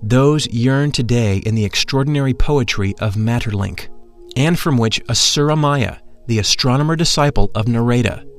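Man narrating a reverent story over soft music. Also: mid-range voice. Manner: measured, reverent reading. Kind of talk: scripted narration. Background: faint music.

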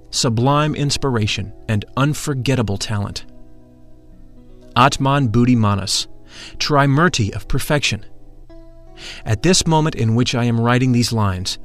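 A man reads a mystical text in slow, reverent, solemn narration. His voice sits at an ordinary middle pitch. Faint music plays underneath.

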